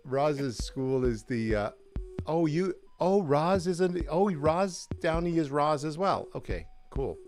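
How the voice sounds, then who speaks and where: A man's voice: on the high side, lively intonation, slow, darkish tone. A man hosting a casual livestream chat over a video call, greeting viewers by name in a friendly way. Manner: friendly, reads out viewer names. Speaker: host.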